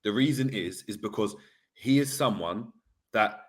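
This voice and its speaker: A man debating football as a fan pundit, measured and explanatory as he builds an argument. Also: fairly low pitch.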